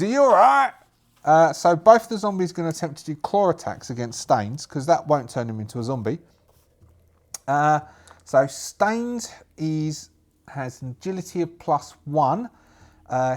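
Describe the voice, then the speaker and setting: Man, solo game master, chatty, rambling, lively pitch. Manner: chatty, rambling, laughs to himself. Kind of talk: solo tabletop game narration.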